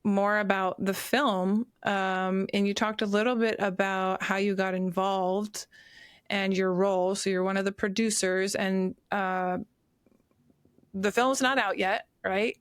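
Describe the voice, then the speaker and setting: A woman's voice: mid-range voice, level tone, measured pace, clear, resonant tone, no echo, studio quality. A woman hosting a podcast, asking long, winding questions with hesitant fillers. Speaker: podcast host. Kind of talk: casual interview chat.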